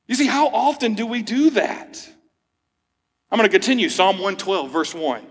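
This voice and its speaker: A man's voice: very high voice, animated, moderate pace, a bit bright, breathy edge, long reverb tail. A man in his thirties, a pastor, preaching a sermon in a conversational way with joking asides. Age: 30s.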